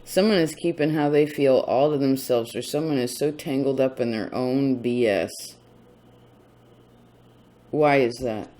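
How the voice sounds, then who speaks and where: A man gives a casual tarot reading, chatty and rambling, often cutting himself off mid-thought. His voice is medium-pitched and mellow, and he speaks a little slowly.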